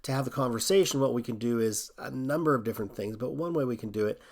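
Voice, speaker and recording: A man hosting a coding tutorial, thinking aloud in a relaxed way as he walks through a screen recording. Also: mid-range voice, quick pace.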